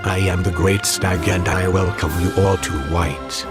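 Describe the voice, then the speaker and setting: A man voicing a grand, welcoming stag who speaks in a slow, stately way, for a crude comedy fan dub. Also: low voice, flat delivery, loud music behind the voice. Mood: grandly welcoming.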